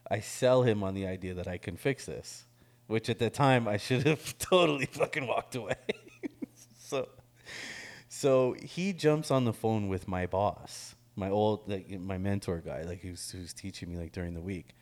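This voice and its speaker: Low-voiced man telling a rowdy story. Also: moderate pace. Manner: animated, laughs often, swears freely, acts out quotes. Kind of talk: casual storytelling chat.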